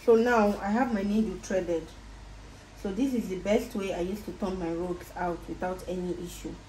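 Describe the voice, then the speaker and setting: Mellow Nigerian woman teaching sewing. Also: medium pitch, fairly even intonation, moderate pace. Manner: patient, repeats each step while demonstrating. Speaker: sewing tutor. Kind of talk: casual step-by-step sewing tutorial. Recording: roomy echo with faint background noise.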